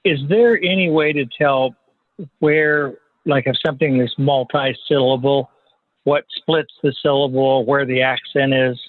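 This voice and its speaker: A man's voice: medium pitch, fairly even intonation, a little slow, no echo. A man joins the lesson as a student and asks curious questions in a casual, joking way. His voice comes through a thin, phone-like line and sounds dry. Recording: tinny phone-like call audio.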